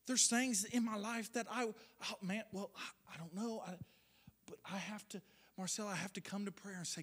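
A man preaching a sermon as pastor, impassioned, dropping to hushed tones and rising to loud declarations. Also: high-pitched, steady tone, normal speed, slightly rough. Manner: impassioned, shifts between hushed and loud delivery.

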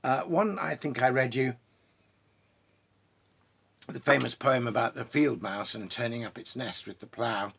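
Gravelly-voiced man rambling among his books. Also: mid-range voice, fairly bright tone. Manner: rambling, digressive, with many restarts and asides; pausing for pipe and drinks while talking. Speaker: poet hosting a reading. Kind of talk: casual chat introducing poems. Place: home study lined with bookshelves.

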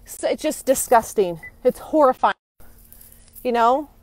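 A woman's voice: fairly high pitch, lively intonation, unhurried, no echo, poor audio. A young woman livestreaming on her phone outdoors, agitated and indignant, hurrying along and repeating herself. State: hurried, walking outdoors. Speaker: citizen livestreamer. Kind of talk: live phone stream. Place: outdoors near a courthouse. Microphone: phone held in hand.

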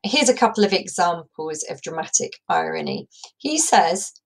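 A woman's voice: fairly low pitch, sing-song, moderate pace, poor audio. A woman English teacher giving a recorded lesson, explaining a play and thinking aloud as she goes.

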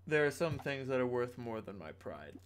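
A man's voice: medium pitch, sing-song, moderate pace, a little hiss or hum, lightly acted. A man voicing a proud female noble rival who trades cutting put-downs in a tabletop game. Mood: snide.

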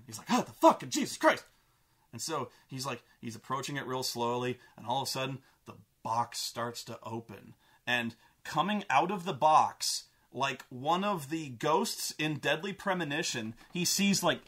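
A young man ranting casually about a film, excitable and profane, acting out scenes in exaggerated voices. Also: fairly high pitch, breathy edge. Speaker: vlogger reviewing a film.

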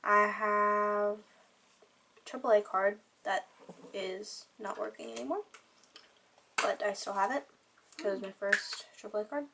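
A woman's voice: medium pitch, fairly even intonation, slow, vocal fry, pauses often, pushed and bright, a little hiss or hum. Chatty teenage girl rambling casually. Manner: chatty, rambling, heavy use of "like". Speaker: vlogger. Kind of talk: casual show-and-tell chat. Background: crying children.

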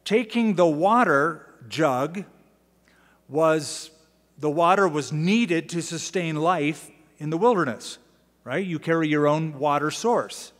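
A male pastor teaching a sermon, moving between lively storytelling, casual asides and dramatic readings of scripture. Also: a little high, takes it slowly. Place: large church sanctuary. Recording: long church-hall reverb.

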